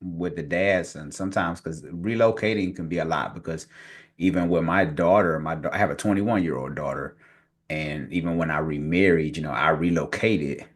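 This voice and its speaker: A man in his forties hosting a podcast, talking in a relaxed, affirming way. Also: low-pitched, normal speed. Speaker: podcast host. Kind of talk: podcast conversation.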